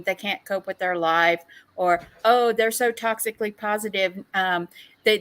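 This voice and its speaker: A woman's voice: medium pitch, a bit bright, low-quality recording. A woman in a casual livestream chat, talking earnestly and emphatically about staying positive.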